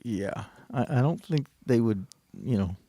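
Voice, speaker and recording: A man's voice: mid-range voice, expressive, measured pace, warm tone, no room sound. A middle-aged man co-hosting a live trading stream, chatting in a jokey, playful way with many fillers. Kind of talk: casual live-stream chat.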